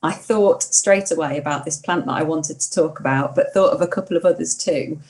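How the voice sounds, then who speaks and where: A woman from England co-hosting a podcast, chatting enthusiastically, laughing often and firing off quick questions. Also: sits low. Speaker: podcast co-host, hedge witch. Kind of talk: casual chat.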